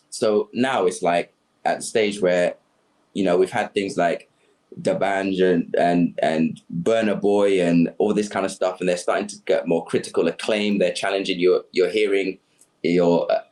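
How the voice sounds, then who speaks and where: A man from Sierra Leone speaks as a podcast guest, his voice sitting low. He talks thoughtfully and reflectively, with plenty of fillers. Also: steady tone, a little slow, darkish tone. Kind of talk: conversational podcast interview.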